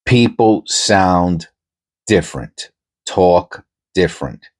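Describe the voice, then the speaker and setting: A middle-aged man with a New York accent softened toward Pennsylvania talk, chatting casually and meandering with many pauses while he searches coin rolls. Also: sits low, animated. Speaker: coin roll hunting host. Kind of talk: casual rambling chat while searching coins.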